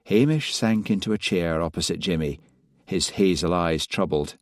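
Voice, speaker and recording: A man narrating a mystery novel in a measured, even reading. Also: sits low, dry recording, clean studio sound. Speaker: audiobook narrator. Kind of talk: scripted narration.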